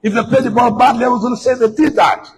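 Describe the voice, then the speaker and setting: A man's voice: extremely high pitch, fairly even intonation, fast. A man, a guest speaker telling his life story at a book launch, his voice rising as the story builds. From Gambia. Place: event hall. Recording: distant mic with faint room noise.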